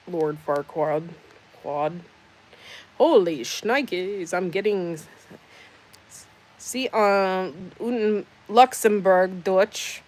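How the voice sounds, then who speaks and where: A woman hosting a casual livestream, reading out chat comments with sarcastic, teasing banter. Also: on the low side. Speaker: livestream host.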